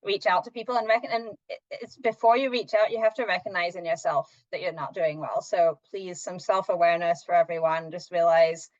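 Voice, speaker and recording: A woman's voice: lowish voice, a little fast, no echo. A woman doctor gives practical advice on a webinar call. She is friendly and hesitant, with lots of ums. The audio is dry and a little muffled, with no room sound. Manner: friendly, practical, many fillers. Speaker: doctor and lactation consultant. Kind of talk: webinar panel talk.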